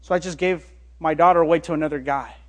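A man voicing an annoyed older father-in-law, speaking lower and grumbling, within a sermon. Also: quick pace, lightly acted.

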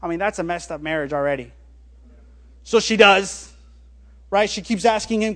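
A man preaching a sermon as a pastor, telling a story with animated rises and quiet, low drops on key words. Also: normal speed, long pauses.

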